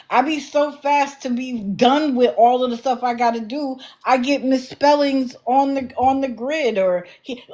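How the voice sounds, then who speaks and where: A woman hosting a casual livestream, answering viewer comments with quick apologetic asides and animated reactions. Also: sits high. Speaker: livestream host.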